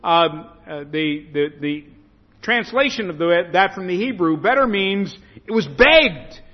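A man preaching a sermon to his congregation, lively and animated, acting out the scripture story in voices. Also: high voice, measured pace. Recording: muffled echoey hall.

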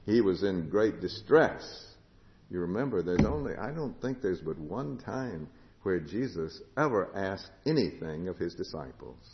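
A man with a fairly low voice preaches a sermon in a big reverberant hall, on a dull, lo-fi recording. He swings from ringing proclamation down to hushed, intimate passages. Now and then he puts questions to his listeners. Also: lively intonation, unhurried, slight background noise. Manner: rises to loud proclamation, drops to hushed tones; asks the congregation questions.

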